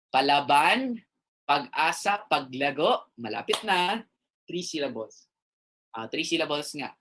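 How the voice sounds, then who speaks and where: A man's voice: high-pitched, sharp tone. A man with a Filipino accent giving an interactive motivational talk to a student assembly, playfully quizzing his listeners over a video call. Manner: playful, quizzing the audience, mixing English and Tagalog. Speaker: speaker at a student government assembly.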